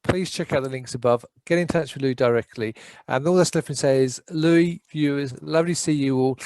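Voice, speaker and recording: A man's voice: mid-range voice, a little fast, darkish tone, clean tone, no room sound. A man hosting a business interview over a video call, wrapping up politely and addressing viewers. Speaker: interview host.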